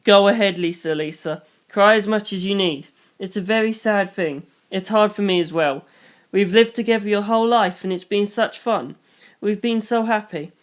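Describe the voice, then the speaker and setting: A reader voicing a gentle but firm middle-aged mother, speaking calmly and softly as she reassures. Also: medium pitch, normal speed, lightly acted. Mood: tender. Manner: calm, soft-spoken, reassuring. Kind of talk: storybook reading.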